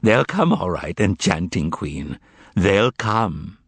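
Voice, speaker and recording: A man voicing a fussy, theatrical male sidekick in an audiobook, excitable and wailing. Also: slow, slightly rough, no room sound, full character voice. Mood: sly. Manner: excitable, high and shrill. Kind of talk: audiobook character voice.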